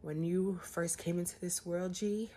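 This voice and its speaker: A woman's voice: lowish voice, steady tone, unhurried, dark tone, slight background noise. A woman recording a heartfelt graduation message for her niece, tearful and crying as she talks, earnest and rambling. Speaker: aunt giving a graduation message. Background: music.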